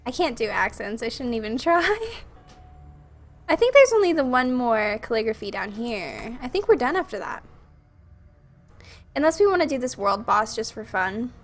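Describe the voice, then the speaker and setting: A young woman with a Minnesotan accent chats with her stream viewers as she plays a game. She rambles easily and giggles often in a fairly high voice, with soft game music faintly in the background. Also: big pitch swings, moderate pace. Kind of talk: casual chat while playing a video game.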